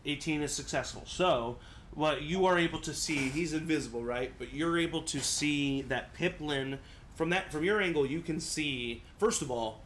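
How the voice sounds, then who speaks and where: A man's voice: fairly high pitch, moderate pace, a bit bright, slight background noise. A man narrating a tabletop game as game master, casual and laid-back, chuckling often.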